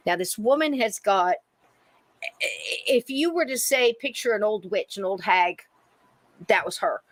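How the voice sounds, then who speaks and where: A middle-aged woman co-hosting a podcast, telling a personal story in casual chat and acting out the quoted lines in a high, excited voice. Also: unhurried, no echo. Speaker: podcast co-host.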